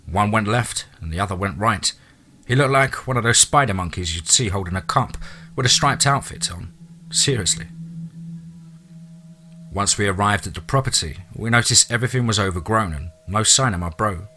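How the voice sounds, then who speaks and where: Bright-voiced man narrating a spooky tale. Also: lowish voice, expressive, moderate pace. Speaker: horror story narrator. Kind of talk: scripted narration of a listener's true story.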